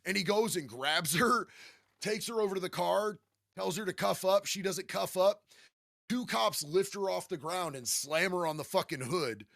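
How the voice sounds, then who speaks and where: A man's voice: high voice, moderate pace, vocal fry, a bit bright, no echo, clean studio sound. A man guest telling a story in a casual, profane, streetwise way, calling the listener "bro" and "dog".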